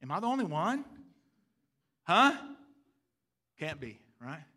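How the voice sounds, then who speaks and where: Preaching to his congregation, a man with a fairly high voice takes his time, very animated throughout. He stammers and restarts emphatically, poses rhetorical questions, and moves back and forth between booming emphasis and quiet, hushed passages.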